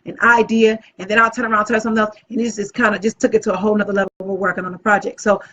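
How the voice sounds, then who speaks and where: A woman's voice: mid-range voice, flat delivery, racing, sharp tone, a little hiss or hum. A woman who plans events, giving an enthusiastic motivational talk to camera and talking with her hands. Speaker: event planner and channel host.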